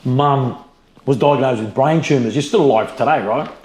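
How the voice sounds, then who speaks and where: A man's voice: medium pitch, normal speed, roomy sound. A middle-aged Australian man, a business founder, telling stories bluntly in a casual interview, swearing freely and saying "mate" a lot. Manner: blunt, animated, swears freely, peppers with "mate" and "you know".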